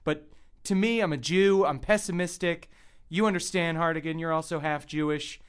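Man, podcast co-host, wry joking banter, smooth clear voice, a bit high-pitched. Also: moderate pace. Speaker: co-host, Kansas City Chiefs fan. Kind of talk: casual sports podcast chat.

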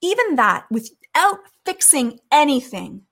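A woman giving calm, earnest advice in a conversation, acting out the things people say to each other. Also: sits high, a little slow, vocal fry. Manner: calm, earnest, acts out quoted speech.

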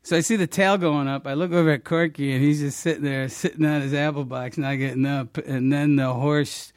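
A man telling profane, rambling stories from his comedy career in casual chat, deadpan, breaking into high put-on voices. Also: fairly quick, dry recording, clean studio sound.

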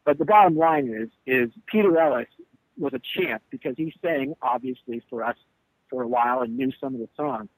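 A man's voice: mid-range voice, moderate pace, gravelly, no room sound, rough recording. A man telling a heated, profane story about a bandmate who walked out on a show, and acting out the quotes. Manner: animated, profane, acts out quotes. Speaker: band leader telling a tour story. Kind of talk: candid interview storytelling.

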